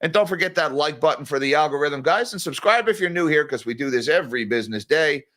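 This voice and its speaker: A man's voice: on the high side, expressive, fast, fairly bright tone. A man hosting casual daily market news commentary, blunt and conversational, addressing viewers directly.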